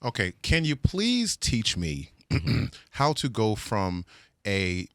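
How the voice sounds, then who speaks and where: A man's voice: on the low side, wildly swooping pitch, takes it slowly, a bit bright, dry recording, studio quality. A man co-hosting a casual interview, asking playful, amazed questions.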